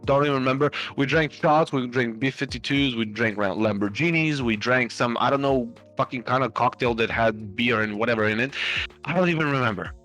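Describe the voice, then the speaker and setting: A man's voice: mid-range voice, fairly quick, a bit bright, faint music behind. A man casually telling a long anecdote on a live stream, rambling with lots of fillers and restarts and swearing freely. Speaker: stream host.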